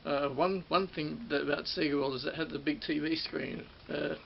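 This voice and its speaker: In a casual, rambling recollection, a middle-aged Australian man remembers his time as a ride operator, frequently going back over and correcting what he's said. His creaky voice is on the high side, with fairly even intonation at normal speed. The audio is dull with a faint hiss.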